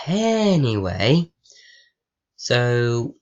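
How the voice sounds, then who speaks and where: Casting: young guy, unhurried sarcastic vlog chat, dull lo-fi laptop sound. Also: mid-range voice, sing-song, a bit bright. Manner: sarcastic, swears, reads typed questions aloud. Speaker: vlogger. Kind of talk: casual chat with a chatbot.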